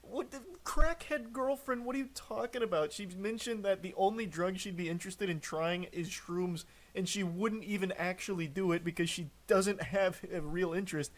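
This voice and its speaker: A man's voice: high-pitched, normal speed, few pauses. A man streaming live, mocking and picking apart text messages as he reads them aloud, swearing often. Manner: incredulous, mocking commentary with frequent swearing. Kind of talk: live-stream reaction commentary.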